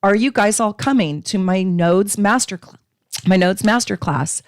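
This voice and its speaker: A woman's voice: mid-range voice, a little slow, no echo, studio quality. A woman hosting a live astrology stream, teaching casually and chatting with viewers, with frequent ums.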